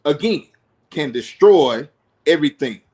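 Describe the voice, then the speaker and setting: A man with a high, husky voice on a podcast, swinging his pitch widely as he speaks. His delivery is dramatic and sounds like a sermon. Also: lively intonation, measured pace, darkish tone. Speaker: podcast co-host. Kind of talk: casual podcast chat.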